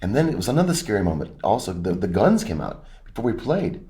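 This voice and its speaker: A man, a music producer, talking animatedly in a relaxed interview and now and then breaking into bits of song. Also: fairly low pitch, quick pace. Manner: animated, breaks into sung snatches. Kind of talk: casual interview chat.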